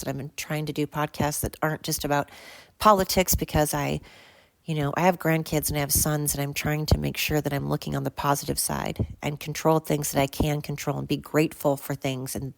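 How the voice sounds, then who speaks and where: A woman's voice: deep voice, level tone, normal speed, creaky, no echo. Blunt, swearing older woman ranting. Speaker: podcast host. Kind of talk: solo podcast monologue.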